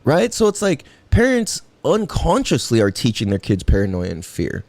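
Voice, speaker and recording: A man's voice: medium pitch, wildly swooping pitch, moderate pace, a little mellow, dry recording. A young man hosting a podcast, talking in a rambling, profane way and laughing at his own tangents. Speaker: podcast host. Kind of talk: casual solo podcast monologue.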